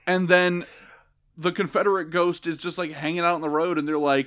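A man's voice: fairly high pitch, little pitch movement, a little fast, fairly bright tone. A man co-hosting a podcast, recapping a cartoon movie in sarcastic, profane, joking chat. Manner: sarcastic, profane, acts out quotes in jokey voices. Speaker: podcast co-host. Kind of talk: casual comedic recap chat.

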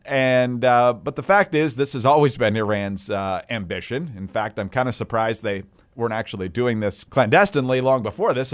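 A man co-hosting a political podcast, reading news quotes aloud in a measured, wry way and adding commentary between them. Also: mid-range voice. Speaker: podcast co-host.

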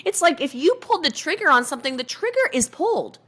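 Speaking fast in a high, fairly bright voice with big pitch swings, she talks energetically on a motivational chat show as a guest entrepreneur. She's emphatic throughout and acts out the voices she quotes.

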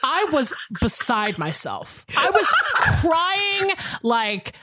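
A woman's voice: sits high, big pitch swings, drawn-out words, sharp tone, no echo. A woman in her thirties co-hosting a podcast, chatting casually and emphatically with many fillers. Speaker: podcast co-host. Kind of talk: casual chat.

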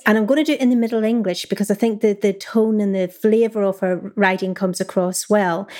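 A woman historian being interviewed, explaining her subject in a clear, measured, conversational way. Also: medium pitch. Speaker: historian guest.

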